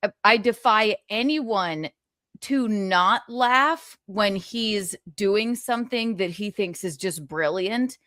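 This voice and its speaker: Woman, casual gossip, laughing storyteller, mid-pitched voice, dry sound. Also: slow, no room sound. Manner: laughing, animated storytelling with mimicked quotes. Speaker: stream guest.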